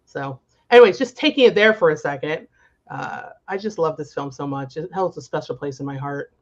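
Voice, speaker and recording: A woman's voice: low voice, a little fast. A woman co-hosting a podcast in casual chat, talking freely with lots of fillers and swearing. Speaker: podcast co-host. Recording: slightly dull lo-fi audio.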